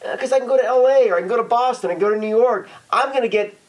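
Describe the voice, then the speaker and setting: A man co-hosting a casual sports debate, animated and argumentative, swearing freely as he makes his points. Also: very high voice, very fast, low-quality recording. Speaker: sports debate show host.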